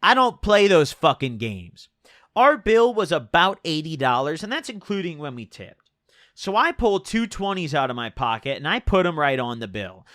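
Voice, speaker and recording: A young man telling a personal story on his channel, animated and exasperated, swearing freely. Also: on the high side, moderate pace, no echo, clean studio sound. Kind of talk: storytime vlog.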